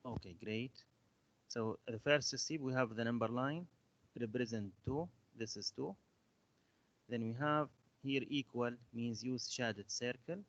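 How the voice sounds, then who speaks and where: Patient male math teacher, muffled audio. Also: mid-range voice. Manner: slow, patient, instructing with fillers. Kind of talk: online class revision lesson.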